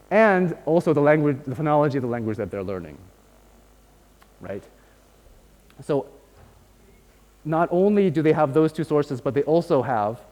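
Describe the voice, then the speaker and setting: A man gives a university lecture in a lecture hall, explaining things step by step and often checking in with "right?" His voice is medium pitched with a darkish tone, and the recording carries a long hall reverb.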